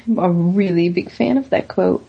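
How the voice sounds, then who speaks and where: A woman's voice: on the low side, moderate pace, creaky, breathy edge, muffled recording. A woman co-hosting a podcast in casual chat, playful and laughing often. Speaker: podcast co-host.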